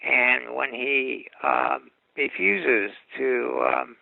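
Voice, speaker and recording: A man's voice: mid-range voice, drawn-out words, creaky, no room sound, phone-quality sound. A man who is a guest author, explaining things in a casual interview with frequent fillers.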